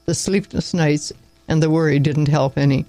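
A man narrating a story aloud in a plain, measured reading with small slips. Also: on the high side, fairly even intonation, warm tone, no echo, poor audio.

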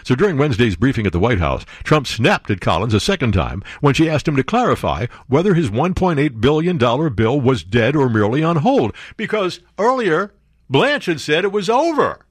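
A man's voice: medium pitch, big pitch swings, brisk, slightly rough, no room sound, studio quality. A man hosting a commentary show, reading news stories aloud and breaking in with sarcastic asides and jokes.

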